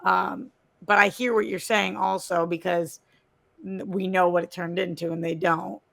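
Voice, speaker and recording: Woman, podcast co-host, casual chat, gravelly fry, quick asides. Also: on the low side, steady tone, a bit bright.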